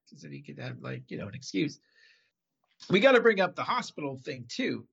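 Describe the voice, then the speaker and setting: A man chatting casually on a podcast, retelling a TV episode and acting out the characters' lines with big jumps in pitch. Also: brisk, vocal fry, husky, lo-fi sound. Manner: animated storyteller, acts out quotes with pitch jumps.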